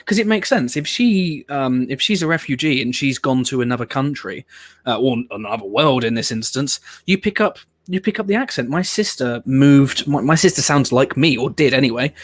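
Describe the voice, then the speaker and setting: A man's voice: medium pitch, lively intonation, moderate pace, no room sound. A man hosting a watch-along show, chatting casually and rambling with blunt opinions and the odd swear word. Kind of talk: casual reaction commentary.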